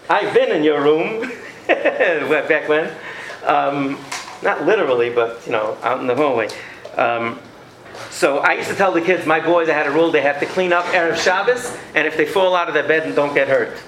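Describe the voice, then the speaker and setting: A man's voice: a little high, roomy sound, background noise. A man giving a lecture on parenting to an audience, acting out scenes with his children and taking questions. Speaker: educator giving a parenting talk.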